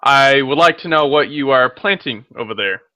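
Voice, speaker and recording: A man playing a proud, gruff monk, speaking stiffly and formally. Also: medium pitch, lively intonation, moderate pace, sharp tone, dry recording.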